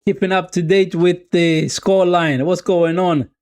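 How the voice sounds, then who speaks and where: Excitable Swedish-accented football fan, slow talker. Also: male voice, high voice, dry recording. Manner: excitable fan cheering and chanting along; self-mocking, casual asides to viewers. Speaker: watch-along streamer. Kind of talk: live football watch-along commentary.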